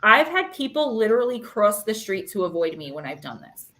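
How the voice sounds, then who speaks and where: A woman in her thirties does intuitive card readings on a live stream, rambling and chatting emotionally with lots of fillers in an echoey room. She speaks briskly in a mid-range voice with big pitch swings and a sharp tone.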